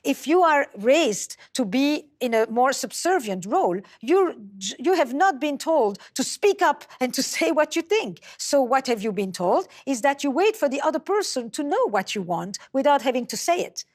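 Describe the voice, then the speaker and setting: A woman giving a measured, explanatory talk on communication, sometimes acting out quoted dialogue. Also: sits high, big pitch swings. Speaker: speaker on communication. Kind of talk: lecture-style talk.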